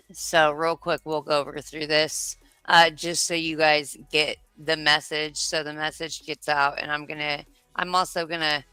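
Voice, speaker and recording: A woman's voice: deep voice, flat delivery, a little slow, bright, forceful tone, smooth, dry recording, faint music behind. A woman hosting a casual livestream, rambling and swearing, poking fun at herself while talking into a desk microphone. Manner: rambling, profane, self-mocking. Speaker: livestream commentary host.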